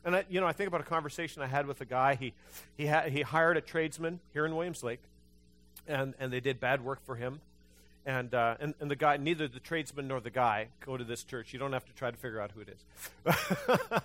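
A man preaching a sermon in church, conversational and lively, often restarting his sentences. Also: medium pitch, fairly quick, a little hiss or hum. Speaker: pastor.

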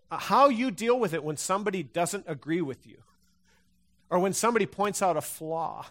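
A man preaching a sermon as pastor, in a conversational, animated way with frequent restarts. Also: sits high.

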